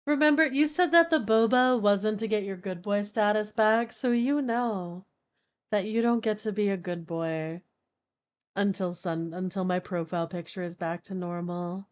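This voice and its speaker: A woman's voice: mid-range voice, normal speed. A woman chatting casually as she streams a game, rambling with lots of filler words.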